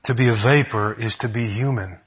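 Male pastor, husky, earnest sermon delivery, muffled lo-fi sound. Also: mid-range voice, brisk. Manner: earnest, repeats words, asks "right?" often.

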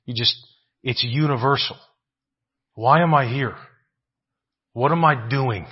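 A man's voice: mid-range voice, a little slow, slightly rough, highs cut off. A man preaching a sermon, asking rhetorical questions, often adding "right?" and repeating phrases for emphasis.

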